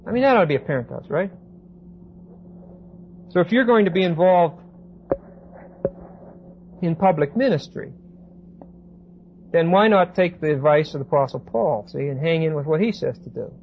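A man giving a Bible class lecture, reading verses slowly with emphasis and then explaining them in casual asides. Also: on the high side, lively intonation. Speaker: Bible teacher. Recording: dull lo-fi recording with faint hiss.

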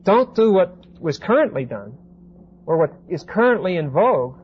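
A man's voice: sits high, very animated. Man teaching scripture on a dull, hissy tape. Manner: reads scripture aloud slowly with emphasis, then explains in casual asides. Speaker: Bible teacher. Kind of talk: classroom Bible lecture. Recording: dull lo-fi recording with faint hiss.

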